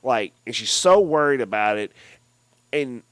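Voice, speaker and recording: A man's voice: mid-range voice, measured pace, clear, resonant tone. A man co-hosting a casual film podcast, swearing freely and acting out scenes in mocking voices. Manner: profane, animated, retells scenes in mocking voices. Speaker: podcast co-host.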